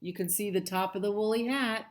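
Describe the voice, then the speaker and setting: A woman librarian reading a picture book aloud at children's storytime, with soft asides to the kids. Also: medium pitch. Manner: slow, sing-song, with soft asides to the children.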